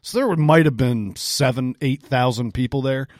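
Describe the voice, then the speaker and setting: Male podcast co-host, casual profane storytelling, dry close sound, mid-pitched voice. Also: normal speed, dry recording. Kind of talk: casual chat.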